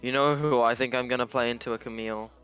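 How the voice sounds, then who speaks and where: A man's voice: medium pitch, fairly even intonation, quick pace, a bit bright, clean tone, soft background music. A man chatting casually with friends during a game, joking and teasing. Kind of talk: casual gaming chat with friends.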